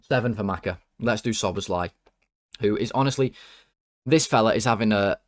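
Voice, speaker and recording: A man's voice: lowish voice, normal speed, no echo, studio quality. Jokey man rating football players. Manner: excitable, jokey and rambling. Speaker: football fan channel host. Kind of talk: casual player-ratings commentary.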